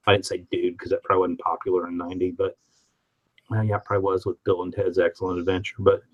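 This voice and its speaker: A man's voice: low voice, level tone, fast, dull audio. A man from the Midwest hosting a casual live-stream chat, telling stories with many restarts and reading out viewer comments. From Midwest of the United States. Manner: rambling storyteller with frequent restarts.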